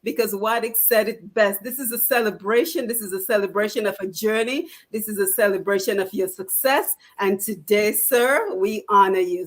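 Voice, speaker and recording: A woman giving a formal, inspirational congratulatory speech in an oratorical manner. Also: mid-range voice.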